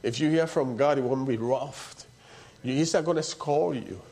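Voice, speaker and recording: A man preaching a sermon in a conversational way, dropping to soft low asides and rising for emphatic points. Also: moderate pace, creaky. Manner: conversational preaching with repeated "you know" and "see".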